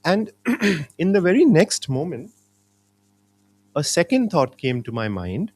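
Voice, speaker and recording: Animated man telling a story. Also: a little high, slow pace, breathy edge. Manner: lively, animated storytelling with frequent "you know". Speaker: spiritual teacher. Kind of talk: storytelling talk.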